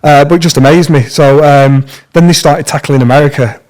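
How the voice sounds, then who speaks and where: Animated British man telling stories. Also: a little high, fairly quick. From Britain. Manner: animated, slangy, acts out dialogue in lively bursts. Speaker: podcast guest, tattoo artist. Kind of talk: casual storytelling.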